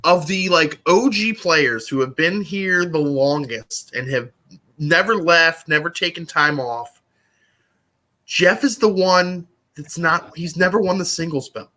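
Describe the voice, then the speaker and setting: A young male podcast co-host chats live about a trivia competition in a fairly high, pushed, bright voice. He's animated but unhurried, rambling casually and saying "like" constantly.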